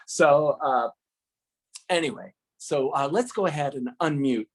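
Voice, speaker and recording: A man's voice: fairly high pitch, moderate pace. A middle-aged man telling a casual, rambling story with many fillers and self-corrections, host of a live talk stream.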